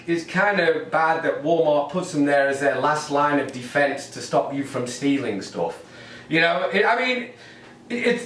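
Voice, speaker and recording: A high, somewhat bright voice belongs to a middle-aged English comic doing a wry, rambling stand-up routine for a camera at home in his living room. Because the camera mic is set far away, the room sounds echoey, with a little hiss or hum.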